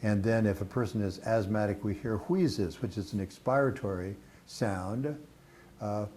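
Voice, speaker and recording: An older man teaching a clinical exam demonstration, calm and explanatory, with frequent pauses and fillers. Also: lowish voice. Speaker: instructor.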